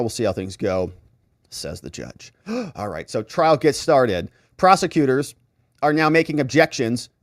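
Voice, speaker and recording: A man's voice: medium pitch, no room sound, studio quality. A man hosting legal commentary, recapping courtroom events with sarcastic asides and acting out the lawyers and the judge. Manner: animated, acts out quoted lawyers and judge in shifting voices.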